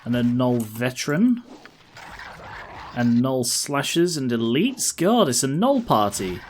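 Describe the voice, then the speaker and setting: A man's voice: mid-range voice, sing-song, slow pace, a little hiss or hum. A man casually commenting as he plays a role-playing video game, with a sarcastic, chatty manner. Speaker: let's play host.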